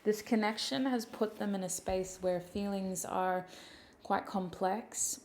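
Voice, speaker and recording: A woman giving a channelled tarot reading in a soft, intimate, emotional way, close to tears at times. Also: mid-range voice, fairly even intonation, a little slow. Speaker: tarot reader.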